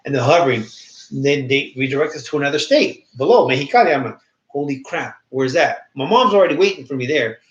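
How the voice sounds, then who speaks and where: A man co-hosting a podcast, telling a personal story in animated casual chat, swearing freely. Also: mid-range voice, fast. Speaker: podcast co-host. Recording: echoey room, dull lo-fi sound.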